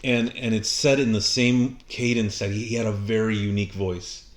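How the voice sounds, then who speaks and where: A man co-hosting a podcast, telling an animated story in casual chat and trailing off and restarting as he goes. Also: on the low side, normal speed. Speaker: podcast co-host. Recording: roomy echo.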